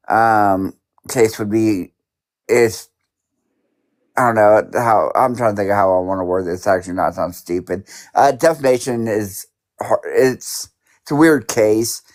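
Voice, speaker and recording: A man's voice: fairly low pitch, darkish tone. A man asking a question on a casual podcast, hesitant and searching for his words.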